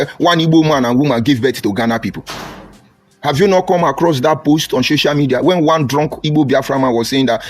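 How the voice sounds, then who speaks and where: A man with a Nigerian accent giving a combative, mocking political monologue on a live stream and greeting viewers by name. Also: a little high. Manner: combative, mocking, rising to loud outbursts.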